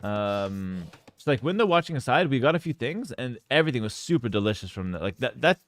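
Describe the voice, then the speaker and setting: A man with a medium-pitched voice, talking a little fast, casts a strategy game tournament and streams. He tells a story in a chatty, animated way, full of fillers and asides, blending casual storytelling with esports commentary. No room sound is audible.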